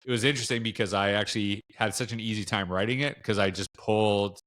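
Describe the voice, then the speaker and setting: A man's voice: fairly low pitch, steady tone, quick pace, a bit bright. A middle-aged man with a Canadian accent, a podcast guest talking casually, rambling with many fillers and restarts. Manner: rambling, lots of fillers and restarts, acts out quoted dialogue. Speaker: podcast guest, education speaker. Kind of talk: casual interview chat.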